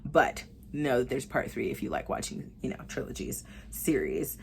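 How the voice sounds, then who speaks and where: A young woman vlogging casual movie recommendations, excitable and full of fillers and swearing. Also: rumbling low, moderate pace, creaky, breathy edge.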